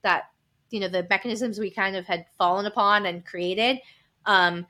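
A woman in her thirties, a podcast guest, speaking frankly and with animation and quick laughs. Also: mid-range voice, steady tone, pushed and bright. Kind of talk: candid conversational storytelling.

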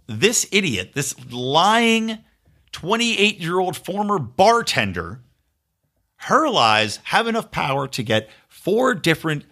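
A man's voice: fairly high pitch, pushed and bright. A man hosting a political podcast, ranting with profanity and sarcastic mock quotes. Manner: profane, sarcastic, mocking voices of others. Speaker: podcast host.

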